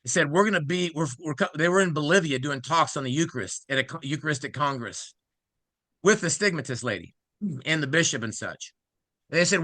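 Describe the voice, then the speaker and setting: A middle-aged man from Ohio tells his story as an interview guest, quick and excited, slipping into other people's voices for quoted lines. His voice is higher than most men's and very bright, recorded close and dry with no room echo. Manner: excited, acts out quoted speech, fast asides.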